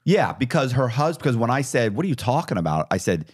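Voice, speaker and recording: A middle-aged man telling his story as a podcast guest, animated and acting out the dialogue. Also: mid-range voice, quick pace, husky, no echo, studio quality. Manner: animated, acts out quoted dialogue. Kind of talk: casual storytelling interview.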